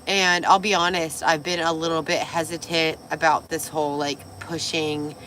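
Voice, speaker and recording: A woman hosting a casual livestream, a little tipsy and hoarse, gushing and swearing as she reads viewer comments. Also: deep voice, level tone, moderate pace, fairly bright tone, a little hiss or hum. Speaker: livestream host.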